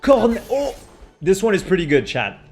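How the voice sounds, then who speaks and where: A man's voice: high-pitched, big pitch swings, normal speed, a little mellow, soft background music. A young man with a French accent, a streamer chatting casually with his viewers and sounding out names. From France. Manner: chatty, reads names aloud and laughs at them. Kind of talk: casual live-stream chat.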